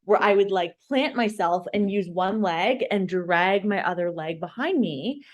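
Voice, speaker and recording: A woman in her thirties, a dietitian guest on a podcast, telling a personal story in a casual, animated way. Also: medium pitch, unhurried, highs cut off.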